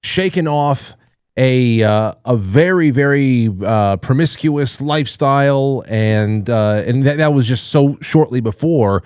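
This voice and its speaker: A male host feels his way through long interview questions and drops in the odd joke. His voice sits mid-range and mellow, in a dry, close sound. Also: mid-range voice, smooth, dry recording. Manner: halting and searching, with joking asides.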